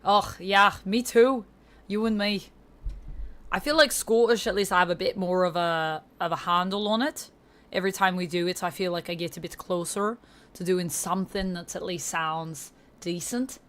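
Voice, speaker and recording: A woman's voice: on the low side, steady tone, normal speed, a bit bright. A woman livestreamer in casual chat with her viewers, upbeat, thanking them and reading chat aloud into a desk streaming mic.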